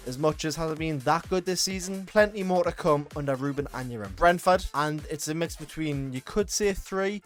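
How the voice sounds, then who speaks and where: A young man with a northern English accent talks football in a casual, heartfelt monologue. His voice sits slightly high, and he drops into swearing and pleading when he gets worked up. Faint music plays underneath. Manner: passionate, swears, pleads with players. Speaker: football vlogger.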